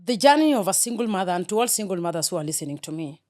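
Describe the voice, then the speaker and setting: Woman, middle-aged, earnest, heartfelt, lower voice. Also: sing-song, racing. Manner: earnest, heartfelt, soft-spoken. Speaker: guest. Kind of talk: emotional interview talk.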